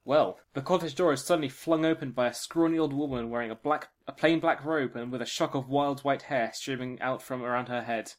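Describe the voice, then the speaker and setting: A man's voice: mid-range voice, fairly quick, hardly any pauses. A man narrating a tabletop role-playing game as game master, joking and laughing often.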